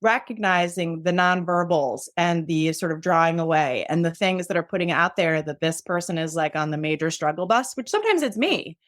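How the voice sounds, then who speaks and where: Middle-aged woman chatting on a podcast, kinda low voice, acts out convos, super candid, dry close mic. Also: brisk, few pauses, no room sound. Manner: candid, animated, acts out quoted dialogue. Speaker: nurse practitioner guest. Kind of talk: casual interview conversation.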